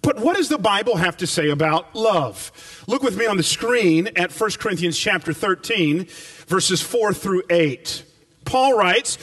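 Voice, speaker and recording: Animated high-voiced preacher, distant mic. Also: male voice. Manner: animated preaching with slow emphatic repetition. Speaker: pastor. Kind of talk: sermon. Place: church before a live congregation.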